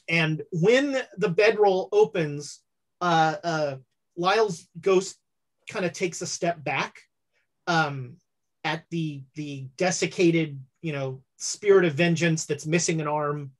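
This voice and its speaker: A game master narrates a tabletop horror game at a slow, unhurried pace. The narration is halting and full of fillers. The voice sits at a middle pitch.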